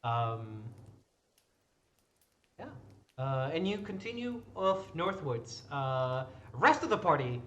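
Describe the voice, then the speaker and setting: A man narrating a tabletop game as game master, in a halting, rambling way. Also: medium pitch, big pitch swings, fairly bright tone, slight background noise.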